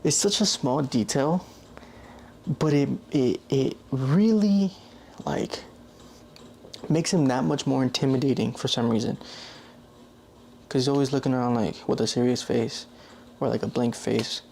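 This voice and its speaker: A man's voice: mid-range voice, unhurried, creaky, a little mellow, a little hiss or hum. A young man vlogging in a loose, rambling way, correcting himself often and filling gaps with "like". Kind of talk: casual rambling monologue.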